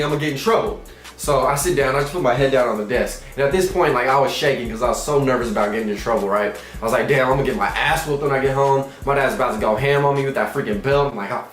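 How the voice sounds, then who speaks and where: A man's voice: mid-range voice, echoey room. Profane young man telling a comic story. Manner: animated, profane, acts out quotes in shifting voices.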